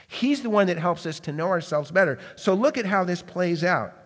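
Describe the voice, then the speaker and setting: A man's voice: high-pitched, expressive, normal speed, in a large hall. A man preaching a sermon, asking the listeners questions and sometimes dropping his voice to a near-whisper. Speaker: pastor.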